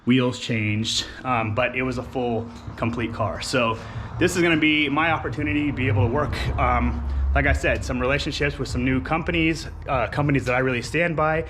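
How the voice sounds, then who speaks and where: A man's voice: mid-range voice, normal speed, noisy background. A young man from California, casually walking around a wrecked car he plans to rebuild, upbeat and full of fillers like "um" and "like". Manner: enthusiastic, filler-heavy, talks with his hands. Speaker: car vlogger. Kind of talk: casual walkaround vlog.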